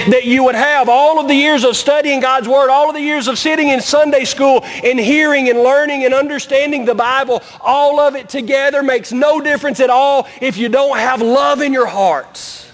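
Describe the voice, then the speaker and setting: A male pastor preaching a sermon in a church, with repetitive, emphatic phrasing and drawn-out words. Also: extremely high pitch. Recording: long reverb of a large hall.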